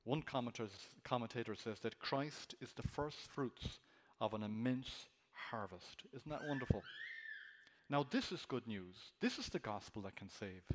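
Earnest male preacher in a reverberant hall. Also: normal speed. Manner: earnest, emphatic, with animated pitch rises on key words. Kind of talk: expository sermon.

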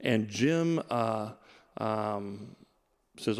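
A middle-aged man preaching a sermon to a congregation, telling stories about himself in a relaxed, self-deprecating way. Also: fairly low pitch, measured pace. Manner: storytelling, self-deprecating and conversational. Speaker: pastor. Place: large church hall. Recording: reverberant church hall.

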